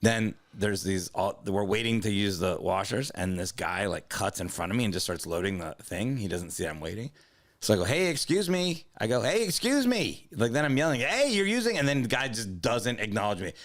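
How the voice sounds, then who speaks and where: Man telling a story with loud acted-out bits. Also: lowish voice, brisk. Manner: animated, acts out both sides of the story in loud raised voices. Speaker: podcast co-host. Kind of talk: casual comedic storytelling.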